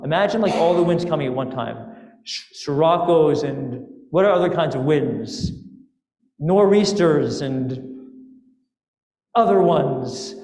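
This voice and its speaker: A man with a somewhat high voice delivers a sermon as a fairy tale, full of playful asides and questions to his listeners. He speaks in a synagogue sanctuary, and his voice rings out with a long, roomy reverb. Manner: lively, playful storyteller with asides to the congregation. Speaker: rabbi. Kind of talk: sermon storytelling.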